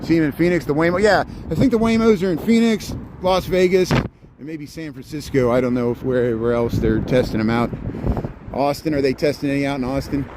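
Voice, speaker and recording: A man with a Chicago accent rambles cheerfully as he walks outdoors, pointing out sights and greeting viewers by name. His voice sits a little high, recorded on a handheld phone. Street traffic is clearly heard behind him. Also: brisk. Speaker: live-streaming walking tour host. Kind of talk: casual live-stream walking commentary. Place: outdoors on a busy city street.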